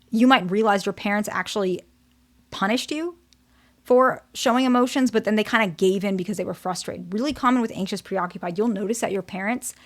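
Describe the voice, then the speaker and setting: A woman therapist giving a casual, direct teaching talk, often checking in with "okay?". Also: mid-range voice.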